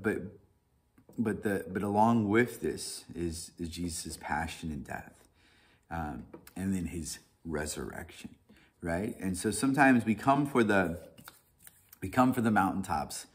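A man leading a Bible study, reading scripture and then talking it over loosely, with frequent restarts, "right?" and chuckles. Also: low voice. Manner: animated, many restarts and "right?", chuckles often.

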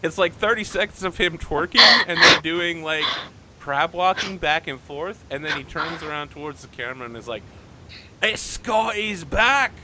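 A man narrating and running a tabletop wrestling game as game master, lively and casual. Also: fairly high pitch, normal speed, a little hiss or hum. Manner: lively, puts on crowd voices.

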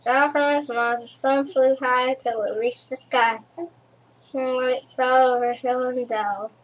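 A woman reading a rhyming children's storybook aloud, in a slow rhythmic way with occasional stumbles. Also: high-pitched, fairly even intonation, low-quality recording. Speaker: storybook reader.

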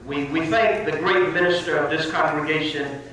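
High-voiced preacher in an echoey hall. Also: male voice, moderate pace, bright, forceful tone, slight background noise. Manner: call-and-response preaching. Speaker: minister. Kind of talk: church address. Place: church hall. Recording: echoey church hall from far off.

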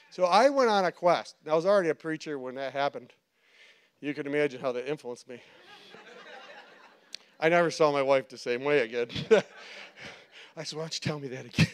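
A male pastor preaching a sermon, telling stories with animated quoted voices and frequent laughter. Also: a little high, clear, resonant tone. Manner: animated storytelling, acts out quotes, laughs often. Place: church.

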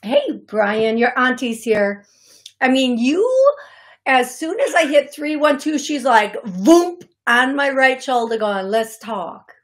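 Casting: woman radio host, slightly high voice, slow rambling chat, quick to laugh at herself. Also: expressive, a bit bright. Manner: rambling, laughs often, self-deprecating. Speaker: psychic medium radio host. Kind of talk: casual radio call-in talk. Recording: radio studio broadcast.

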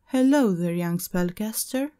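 A woman voicing an eerily calm, distracted woman on a phone line, speaking with a subtle lisp in a horror story. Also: medium pitch, unhurried, natural voice. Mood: serene.

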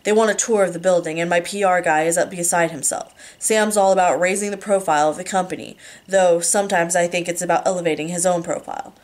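A woman's voice: lowish voice, steady tone, fast talker, few pauses. A woman reading a novel aloud casually, now and then stumbling over words and apologizing. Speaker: reader.

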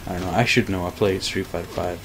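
A man streaming himself playing a fighting game, chatting casually, swearing and laughing, with bursts of excited shouting. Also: sits low, fast talker. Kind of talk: casual gameplay commentary.

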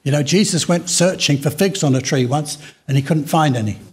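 An older man preaching a sermon, telling his own story with dramatic slow pauses. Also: fairly high pitch, breathy edge. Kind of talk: sermon testimony.

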